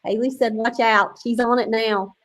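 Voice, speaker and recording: A woman's voice: on the high side, steady tone, moderate pace, low-quality recording. A woman hosting an online book launch on a video call, chatty and emotional, close to tears.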